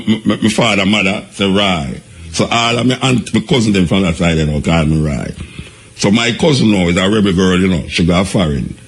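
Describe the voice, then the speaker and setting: An older man with a Jamaican accent, telling his life story in an animated, repetitive way in casual patois. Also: fairly low pitch.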